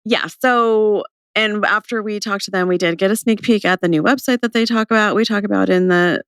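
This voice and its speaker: A young woman co-hosting a casual podcast chat, bubbly and chatty, her voice still rough with vocal fry from a recent cold. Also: medium pitch, brisk, a bit bright, no room sound, clean studio sound. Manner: bubbly, chatty, laughing often. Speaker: podcast co-host.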